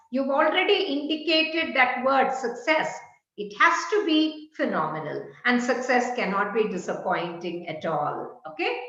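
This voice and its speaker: A woman's voice: high-pitched, fairly bright tone. A woman teaching an online lesson. She poses questions to the class and answers them herself. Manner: quizzes herself and answers firmly. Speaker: English teacher. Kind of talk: online lecture. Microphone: video call. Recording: echoey room, dull lo-fi call audio.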